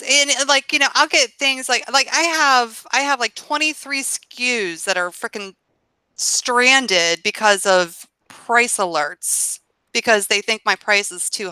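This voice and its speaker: A woman's voice: fairly high pitch, pushed and bright, smooth, dry recording. A woman co-hosting a podcast over a remote call, chatting casually and rambling with frequent laughs. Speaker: podcast co-host and online reseller. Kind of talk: casual chat.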